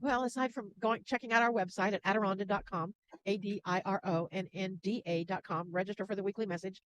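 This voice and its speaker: A woman guest who works as a spiritual channel, speaking gently and laughing softly between thoughts. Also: mid-range voice, fairly even intonation, fast, background noise. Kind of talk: casual interview chat.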